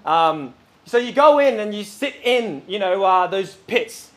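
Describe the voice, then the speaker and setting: A male preacher with a fairly high voice delivers a sermon in a loose, conversational style. He rambles warmly through stories, full of filler words and restarts. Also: unhurried, faint music behind. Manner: lively and chatty, with many fillers.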